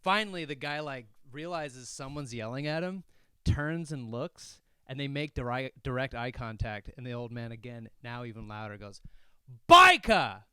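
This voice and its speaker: Man, comedy podcast co-host, smooth resonant voice, dry close mic, animated storyteller. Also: mid-range voice, moderate pace, no echo. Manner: animated, shouts when acting out a story.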